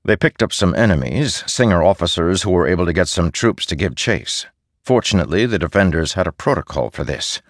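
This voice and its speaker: A man giving measured, steady scripted narration as an audiobook narrator. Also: low voice, dry recording. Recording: dry close studio sound.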